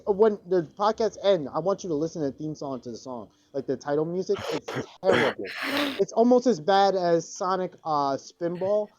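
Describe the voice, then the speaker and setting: A man's voice: high-pitched, expressive, moderate pace, a little mellow, lo-fi sound. A man co-hosting a podcast in casual chat, rambling and profane. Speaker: podcast co-host.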